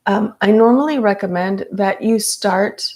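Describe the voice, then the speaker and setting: A woman's voice: medium pitch, a little slow, a little mellow. A woman teaching a live yoga class, chatty, with frequent ums and light laughs.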